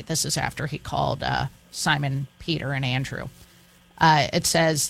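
A woman hosting a radio morning show. She reads news and scripture in an even, measured way and chats easily with her co-host. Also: sits low, vocal fry. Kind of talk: news reading and casual on-air chat.

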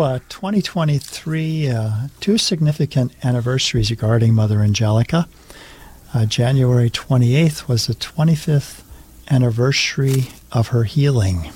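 A man's voice: mid-range voice, darkish tone, breathy edge. A man, a priest co-hosting a radio talk show, speaking reflectively in a pastoral way. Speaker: priest, co-host.

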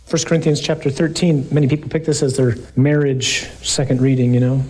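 A man's voice: mid-range voice, a little fast, few pauses, slight background noise. A man preaching a sermon, reading scripture aloud and explaining it with emphasis and jokes. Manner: animated, emphatic, jokes with the listeners.

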